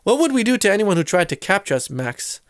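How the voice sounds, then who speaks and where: A man's voice: high voice, sing-song, fast, dry recording, clean studio sound. A man voicing two bumbling adult male art thieves in a storybook reading. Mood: sneering.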